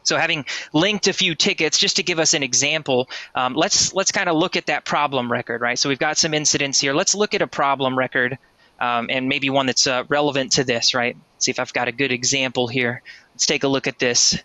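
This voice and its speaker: A man presenting a live software demo in a webinar, explaining in a conversational way and often ending sentences with "right?". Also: mid-range voice, brisk, no echo.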